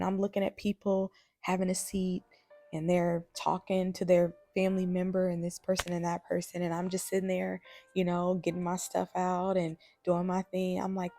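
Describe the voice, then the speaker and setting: A young woman vlogger chatting casually about a trip, talking in a lively way with lots of fillers. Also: on the low side, moderate pace, faint music behind. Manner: chatty, animated, many "like"s. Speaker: travel vlogger. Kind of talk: casual storytelling vlog.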